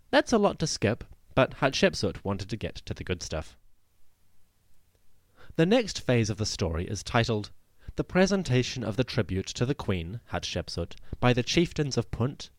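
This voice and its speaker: A man hosting a history podcast, narrating from a script in a lively storytelling way with wry asides. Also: lowish voice, moderate pace, no room sound, studio quality.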